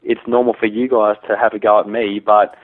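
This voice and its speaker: A man's voice: lowish voice, level tone, a little fast, no room sound. A man, a hunter guest talking casually and opinionatedly, with many restarts. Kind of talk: casual conversation. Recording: tinny phone line.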